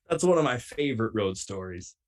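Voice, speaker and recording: A man guesting on a podcast, telling prank stories in a casual, playful way and acting out what people said. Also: fairly low pitch. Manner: animated, playful, acts out quotes. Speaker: podcast guest, pro wrestler. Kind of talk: casual storytelling.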